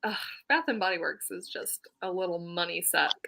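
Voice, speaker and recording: A young woman chatting as a guest over a video call, wry and chatty and quick to laugh along. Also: fairly low pitch, gravelly, pushed and bright, a little hiss or hum. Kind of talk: casual chat.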